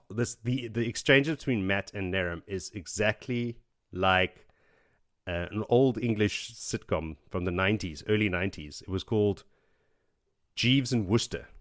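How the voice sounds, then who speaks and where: A man's voice: deep voice, a bit bright. A man casually recapping a fantasy book chapter by chapter on a podcast, rambling and laughing as he acts out the characters' lines. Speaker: podcast host.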